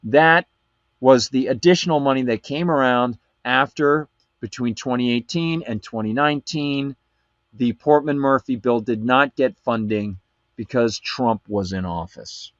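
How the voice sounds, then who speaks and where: Male host, live commentary, middle pitch, sarcastic document reader, dry close sound. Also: a little slow, dry recording, dull audio. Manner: reads documents aloud with sarcastic asides. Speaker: show host. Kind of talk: live political commentary show.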